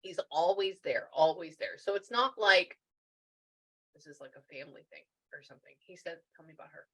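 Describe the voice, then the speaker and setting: A woman medium talks through a reading with a bright, forward voice. She chats loosely, restarts her sentences and thinks aloud as she relays messages. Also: fairly low pitch, animated, brisk, slightly rough, rough recording. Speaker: spiritual medium.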